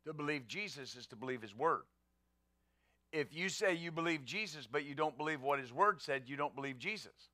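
A man's voice: on the high side, animated, a little fast, bright, forceful tone, no echo, clean studio sound. A man pastor preaching a sermon, emphatic, asking rhetorical questions and answering them.

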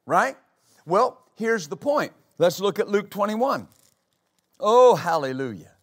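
Male pastor, high voice, preaching a church sermon with rhetorical questions. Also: animated, slow, fairly bright tone, husky. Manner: preaching with rhetorical questions, reading scripture aloud.

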